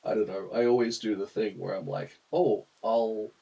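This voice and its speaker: A man's voice: fairly low pitch, steady tone, brisk, gravelly, warm tone, dull audio. A young Australian man casually chatting to viewers while streaming a game, laughing often and greeting chat.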